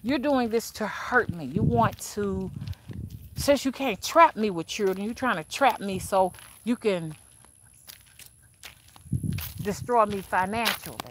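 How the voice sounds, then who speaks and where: On a noisy background, this older woman uses a medium-pitched, expressive voice, unhurried and broken by long pauses. She plays a spiritual advisor in casual livestream chat, talking frankly to viewers in a preachy way, with plenty of fillers and restarts.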